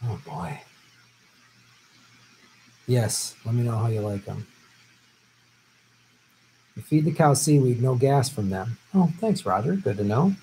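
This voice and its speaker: In a poor recording with a bit of hiss or hum, a mid-range, mellow male voice speaks slowly and very animatedly, leaving long pauses. The middle-aged host of this casual live stream, a vegetarian who travels for work, reads out viewer questions and riffs on them with rambling humor.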